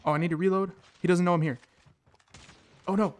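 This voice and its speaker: A man hosting a gaming channel, giving casual commentary on his own match with excited reactions and playful catchphrases. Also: high voice, fairly quick.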